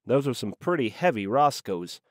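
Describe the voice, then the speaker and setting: A man's voice: mid-range voice, moderate pace, no echo, clean studio sound. Man narrating wry hard-boiled noir. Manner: wry, slangy, deadpan. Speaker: audiobook narrator.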